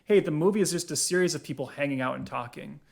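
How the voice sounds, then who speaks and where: A man co-hosting a film-review podcast in a relaxed chat. His voice sits a little high, and he argues insistently with frequent rhetorical questions. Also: fast talker, gravelly, slightly rough. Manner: critical, emphatic, lots of "like" and rhetorical questions. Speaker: podcast co-host.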